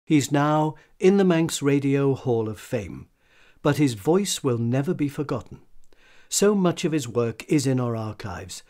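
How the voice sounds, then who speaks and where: A male radio presenter reading a scripted, fond tribute in a measured, even delivery. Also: medium pitch.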